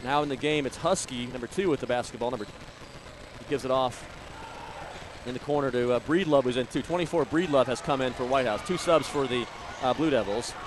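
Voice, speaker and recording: A man doing live play-by-play of a high school basketball game, rattling off plays and scores with bursts of excitement on big shots. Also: fairly quick, noisy background. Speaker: play-by-play announcer.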